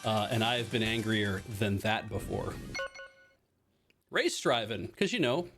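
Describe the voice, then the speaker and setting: A man's voice: fairly low pitch, animated, a little slow, vocal fry, music in the background. A man hosting a livestream, chatting casually and rambling while he unboxes and plays games, joking at his own expense and swearing now and then. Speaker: livestream host.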